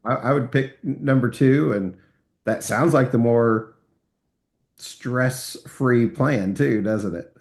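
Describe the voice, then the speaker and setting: A man's voice: medium pitch, slow, a little mellow. A man hosting a podcast interview, chatting casually and rambling with lots of fillers and restarts. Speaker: podcast host.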